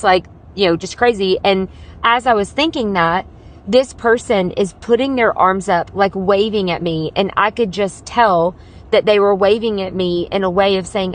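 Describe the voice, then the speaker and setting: A woman's voice: mid-range voice, measured pace. A woman hosting her own podcast, telling a personal story in an earnest, chatty way, full of "like" fillers. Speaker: podcast host. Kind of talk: casual solo podcast storytelling; scripted podcast intro.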